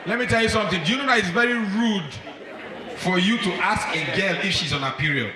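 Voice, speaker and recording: A man doing stand-up, telling a story in an animated way and speaking straight to the men in the audience. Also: high-pitched, fast talker. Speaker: stand-up comedian. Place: comedy club stage. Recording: echoey live club, from far off, crowd.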